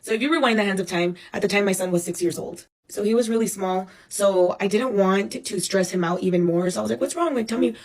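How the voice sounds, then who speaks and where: A woman in her thirties telling a personal story for a casual storytime vlog, animated and profane, acting out the people she quotes. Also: mid-range voice, fast, hardly any pauses. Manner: animated, profane, dramatic retelling with acted-out quotes. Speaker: storyteller recounting her own life.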